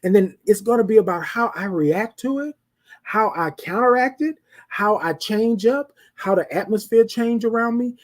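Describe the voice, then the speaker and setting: Speaking at a moderate pace with a medium-pitched voice, a live-show host delivers a repetitive, preacherly motivational talk. Addressing listeners as ladies and gentlemen, he frequently asks them rhetorical questions.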